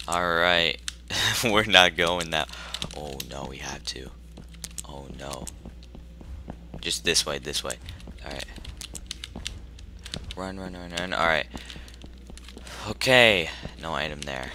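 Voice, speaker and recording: Low-voiced man nervously playing a horror game. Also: takes it slowly, pauses often, slight background noise. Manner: jumpy, nervous self-talk with sudden loud outbursts. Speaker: gaming YouTuber. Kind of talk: horror game let's play commentary.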